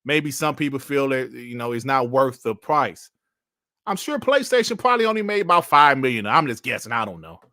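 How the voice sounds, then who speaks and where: A man's voice: medium pitch, animated, brisk, bright, forceful tone, dry recording, studio quality. A man giving casual, mocking commentary as a streamer, laughing often and swearing while he reads out and answers comments.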